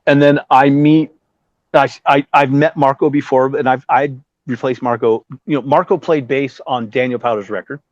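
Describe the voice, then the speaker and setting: At a moderate pace and with fairly even intonation, a medium-pitched middle-aged man from Southern California tells a story as a musician guest in a casual interview. He swears openly and acts out others' voices. The audio is dry and a little dull, with no room sound.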